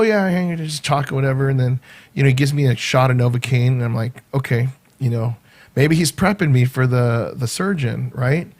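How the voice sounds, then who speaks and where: A man's voice: on the high side, husky. A man telling a personal story in a casual vlog, acting out the voices of the people in it and making sound effects. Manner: animated, acts out quoted voices and sound effects. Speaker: vlogger.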